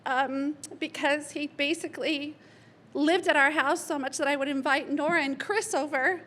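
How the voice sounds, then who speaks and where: Middle-aged woman, high voice, tearful rambling eulogy at a stand mic. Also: measured pace, bright, forceful tone. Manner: emotional, laughing through tears, rambling anecdotes. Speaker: eulogy speaker, friend's mother. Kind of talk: memorial speech. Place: memorial gathering hall.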